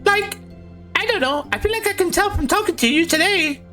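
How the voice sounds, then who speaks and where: Brief: bubbly sweet teen girl, very high voice, voiced by a woman, fan dub. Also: expressive, brisk, soft background music, heavily acted. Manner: sweet, gentle and encouraging. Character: cheerful, kind teen girl club member.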